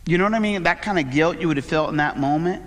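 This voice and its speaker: A man's voice: on the high side, quick pace, long reverb tail. A middle-aged man, a pastor, preaching a conversational sermon full of fillers and personal asides. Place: church sanctuary.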